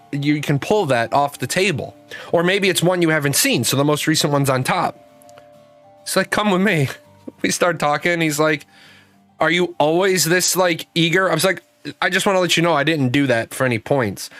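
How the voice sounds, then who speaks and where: A man hosting a livestream in a loose, rambling way, telling stories and answering chat with plenty of restarts. His voice sits a little high for a man. Faint music plays behind him. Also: fairly bright tone. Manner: rambling storyteller, restarts, talks to his cat. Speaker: livestream show host. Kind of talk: casual chat with chat readers.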